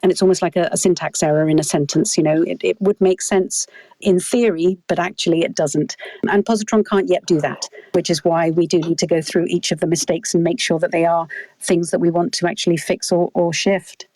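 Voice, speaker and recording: A woman's voice: fairly low pitch, fairly even intonation, a little fast, mellow, no echo. Articulate woman hosting, dry close sound. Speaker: podcast host. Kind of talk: casual interview chat.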